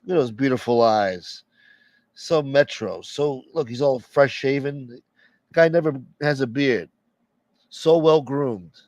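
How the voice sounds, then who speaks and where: A man's voice: mid-range voice, slow, darkish tone, no room sound. A man hosting a late-night livestream and rambling bluntly through strong opinions in casual chat. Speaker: livestream host.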